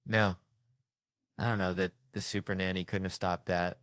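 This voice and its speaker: Male stand-up comic with a lowish voice, profane and rambling delivery, dry sound. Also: little pitch movement, normal speed, fairly bright tone, no room sound. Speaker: stand-up comedian. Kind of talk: stand-up set.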